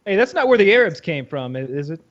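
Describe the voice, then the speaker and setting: A man's voice: a little high, big pitch swings, dull audio. Crude, wisecracking man on a podcast. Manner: crude, quick reactions. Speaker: podcast co-host. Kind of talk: casual chat.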